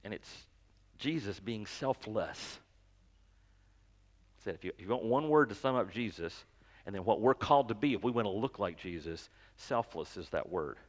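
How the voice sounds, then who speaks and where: A man's voice: on the low side, lively intonation, moderate pace, long reverb tail. A pastor giving a sermon in a conversational, joking way, often repeating words as he goes. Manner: conversational, self-deprecating, stammers and repeats words. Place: church sanctuary.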